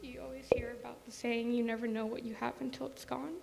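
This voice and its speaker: A woman's voice: on the high side, flat delivery, quick pace, gravelly, darkish tone. A woman giving an earnest, plainly worded eulogy as a soul sister. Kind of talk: memorial speech. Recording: echoey hall with faint hum.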